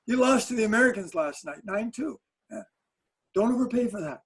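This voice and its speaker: Man, high voice, husky, animated storytelling, webinar chat. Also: brisk, low-quality recording. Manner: animated anecdotes with restarts and laughs. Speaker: sport psychologist guest.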